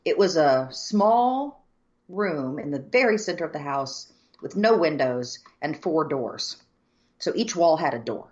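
A woman from the southern United States co-hosting a casual chat, telling a story at a measured pace with frequent ums. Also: low voice, expressive, a little mellow, highs cut off. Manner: measured, many ums, descriptive. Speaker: co-host.

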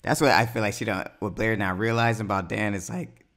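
Gravelly-voiced man laughing through recaps. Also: on the low side, a little fast. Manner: laughs often, relaxed reactions. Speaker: podcast co-host. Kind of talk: casual chat recapping a TV show.

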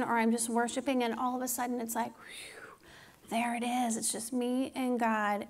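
A woman with a high, light voice shares a personal testimony from the pulpit. She sounds earnest and encouraging, and her voice sometimes drops to an intimate hush. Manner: earnest, intimate, encouraging, drops to a hushed whisper when quoting God. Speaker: speaker at a church service.

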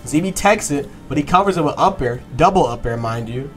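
A man giving a fast, excited play-by-play breakdown of a fighting game match, swearing and breaking into excited bursts. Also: fairly high pitch, faint music behind. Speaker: match analyst.

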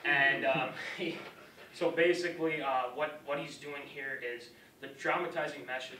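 A man's voice: a little high, fairly even intonation, a little slow, pushed and bright, slight background noise. A young man giving a casual class presentation, rambling in loose phrases. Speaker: student presenter. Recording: roomy classroom sound, from far off.

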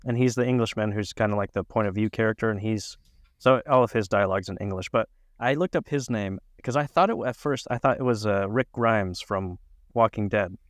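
A man co-hosting a podcast in casual chat, loose and rambling, quick to laugh. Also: on the low side, no echo. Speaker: podcast co-host.

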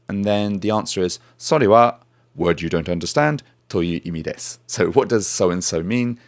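Man, podcast host, low voice, dry sound, chatty explainer. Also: no echo. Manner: chatty, explains phrases step by step. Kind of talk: conversational language lesson.

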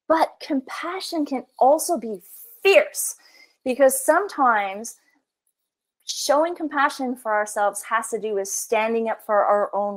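A middle-aged woman psychologist with a fairly high-pitched voice leads a workshop. Her manner is casual and conversational, full of "you know" and "like."

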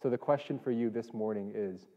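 A man preaching a sermon as pastor, emphatic, swinging between loud declarations and hushed lines. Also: mid-range voice, fairly quick. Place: church sanctuary. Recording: dull sound with long hall reverb.

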